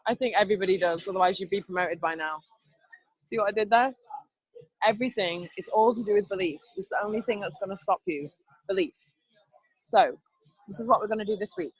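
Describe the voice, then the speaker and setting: A woman's voice: mid-range voice, fairly quick, long pauses, slightly rough, no echo, rough recording. A woman leading a team training over a video call, upbeat and chatty, laughing often. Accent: not Canadian. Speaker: team leader.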